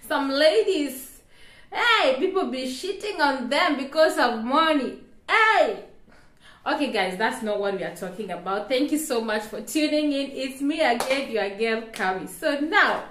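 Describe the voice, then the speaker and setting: A woman's voice: on the high side, fairly bright tone, reverberant. A woman vlogger commenting casually on a news story to her viewers, laughing often and breaking into exclamations.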